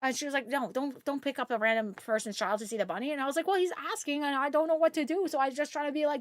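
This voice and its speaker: A woman's voice: sits high, very fast, few pauses, no echo. A woman from Canada streaming a game, chatting with viewers in a rambling, storytelling way. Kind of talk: casual chat with viewers while gaming.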